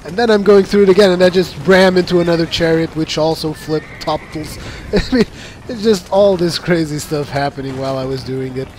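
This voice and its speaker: A man with a somewhat high voice narrates his own gameplay in a relaxed, chatty way. He laughs easily and acts out his own in-game reactions as he goes. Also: fairly quick, slight background noise. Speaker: gameplay commentator. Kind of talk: casual gameplay commentary.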